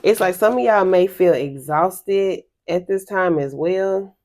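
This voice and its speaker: A woman with a lowish, slightly mellow voice speaks unhurriedly. She's a spiritual reader giving her viewers a casual reading, rambling and chatty, laughing often and calling them y'all.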